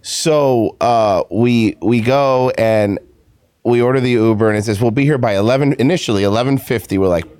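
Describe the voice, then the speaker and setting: A man's voice: mid-range voice, normal speed, a little mellow, smooth. A male podcast co-host tells a story in rambling, casual chat. He circles back and repeats phrases as he builds up to the point, and his voice sounds dry and close, with no room echo.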